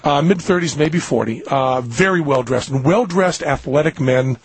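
A man hosting a talk radio show, telling a long story with animated delivery and popping into a high squeaky voice for his own lines. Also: moderate pace, husky.

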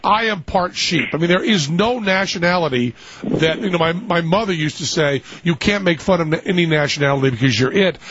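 A man's voice: a little high, background noise. A man hosting a call-in radio show, joking and laughing easily with callers. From Newfoundland. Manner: joking, quick-witted, laughs often. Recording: dull, lo-fi radio broadcast.

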